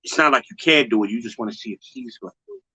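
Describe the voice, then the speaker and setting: Male host, blunt and slangy, bright edge, dry close sound. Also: huge pitch swings, racing, slightly rough, no room sound, dull audio. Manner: blunt, slangy, talks straight to viewers; mocks others with high put-on voices. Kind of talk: casual commentary livestream.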